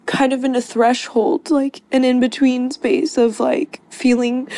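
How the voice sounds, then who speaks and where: A woman caller leaves a recorded message while crying, speaking very slowly with many pauses. Her voice is somewhat high and mellow, and it sounds dry and close. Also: little pitch movement, dry recording. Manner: slow, tearful and heartfelt, pausing often.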